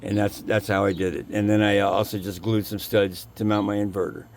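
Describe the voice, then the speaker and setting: A man casually explaining his camper setup in a vlog, halting with lots of "uh" fillers, talking inside a camper. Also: lowish voice, a little hiss or hum. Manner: halting, many "uh" fillers, relaxed and folksy. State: has the hiccups. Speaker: vlogger.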